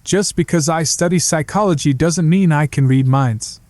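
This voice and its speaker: A man's voice: fairly high pitch, moderate pace, a little mellow, no echo, voice pushed up, lightly acted. A man voicing a blunt young psychology student who answers in a dry, dismissive, lecturing way. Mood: sardonic.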